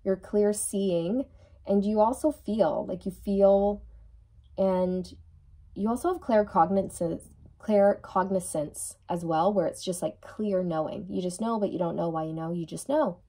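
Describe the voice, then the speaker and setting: A woman gives a channeled tarot reading at an unhurried pace. Her voice is mellow and warm in tone, and she reassures the listener, repeating words to stress them. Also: mid-range voice. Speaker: tarot reader.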